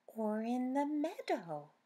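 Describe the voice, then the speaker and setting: A woman doing an excited little girl. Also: sits high, slow, slightly rough, pitched above the performer's own voice, heavily acted. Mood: eager. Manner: bright, excited storybook reading. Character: eager little girl hunting a monster.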